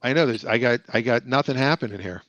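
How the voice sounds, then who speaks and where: A man's voice: medium pitch, fast talker, a bit bright, no room sound. A middle-aged man hosting a casual livestream chat over a video call. He rambles through stories and acts out other people's lines. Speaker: livestream show host. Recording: dull, lo-fi, dry sound.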